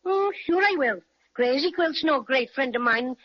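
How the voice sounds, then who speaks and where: Actor doing a little Irish teddy bear, high voice, chatty, mock-ferocious, 1930s radio serial, muffled old recording. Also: animated, moderate pace. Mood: cheery. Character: small cheerful male teddy bear with a gruff play-growl. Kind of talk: 1930s radio drama acting.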